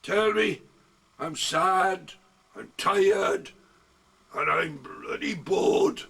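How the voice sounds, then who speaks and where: A man's voice: sits high, drawn-out words, gravelly, long pauses, a bit bright, husky, recorded from a distance. An older man reciting his own comic poetry at home, delivering it wryly, with chuckles and asides. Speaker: amateur poet.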